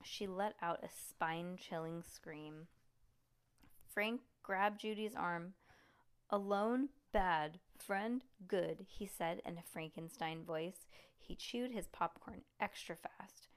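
A woman reading a storybook aloud to a child in a lively, expressive way. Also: on the low side, slow pace, clean tone.

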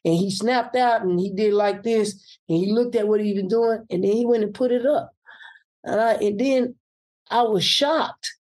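A man, a political candidate telling a personal story in an animated way and acting out the voices he quotes. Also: sits high, normal speed.

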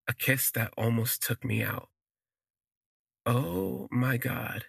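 Gravelly, husky man telling his story. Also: medium pitch, fairly even intonation, fairly bright tone, no echo. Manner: conversational, unhurried, lingering on words with fillers. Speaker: podcast storyteller. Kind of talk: personal storytelling.

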